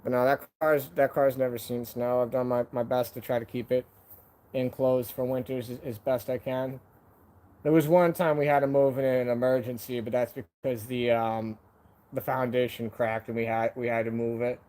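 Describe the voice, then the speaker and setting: A man's voice: medium pitch, flat delivery, moderate pace, a little mellow. A man hosting a casual live stream from home. He talks to viewers in a laid-back, slangy way, calling them "man" and "dude".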